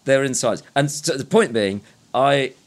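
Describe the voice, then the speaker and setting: A man's voice: medium pitch, expressive, normal speed. A man co-hosting a podcast, telling a rambling story in casual chat with many restarts. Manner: anecdotal, rambling with restarts, mimes gestures. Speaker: podcast co-host.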